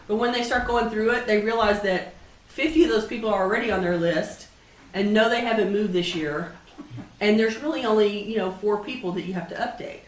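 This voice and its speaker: A woman's voice: medium pitch, moderate pace. A woman with a cold giving a casual talk to a meetup group as a professional organizer, chatty and often checking in with the audience. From Texas. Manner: chatty, keeps asking "right?" of the audience. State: has a cold. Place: meeting room with an audience. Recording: echoey room, mic at a distance.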